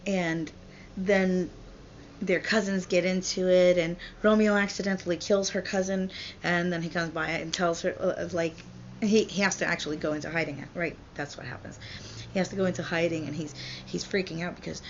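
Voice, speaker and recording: A woman vlogger tells a story in a blunt, chatty, foul-mouthed way, like a parent venting. Her voice is gravelly at mid pitch. The recording is dull and lo-fi with faint hiss. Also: fairly even intonation, moderate pace. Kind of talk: irreverent storytelling retelling.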